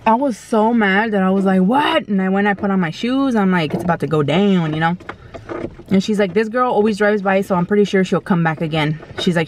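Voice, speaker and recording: A woman vlogger chats through a story as she eats, with a mid-pitched voice and plain, blunt wording. She slips in slang and mild swearing. When she quotes people, she acts the lines out in a raised, exclaiming tone over faint background noise. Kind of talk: casual storytime while eating.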